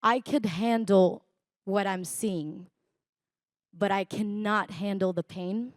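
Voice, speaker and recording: A young woman, a guest recounting her personal story in an interview, reflective and halting, with many fillers. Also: medium pitch, fairly even intonation, dry recording, studio quality. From Israel. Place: conference stage.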